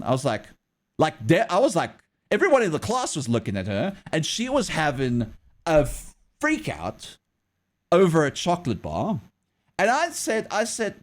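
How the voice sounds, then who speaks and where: Guy on a live stream rambling through a story, lots of restarts, animated swinging voice. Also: a little high. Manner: rambling storytelling with many restarts, swears, laughs. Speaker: livestreamer. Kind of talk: casual chat while drawing on a livestream.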